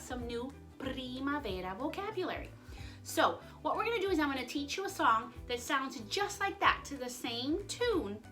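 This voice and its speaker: A high-pitched woman teaches young children Spanish in a relaxed online lesson. She sounds bright and clear as she chats playfully, cracks small jokes and drops Spanish words into her English.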